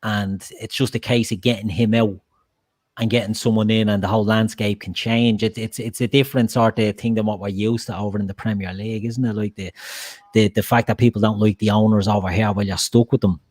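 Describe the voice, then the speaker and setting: An Irish man hosts a relaxed podcast conversation, leading the others through topics and swearing freely. His voice sits fairly low. The sound is dry and close, with no room around it. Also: a little fast, no room sound. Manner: steers the talk, swears casually. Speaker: podcast host. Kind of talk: casual podcast chat.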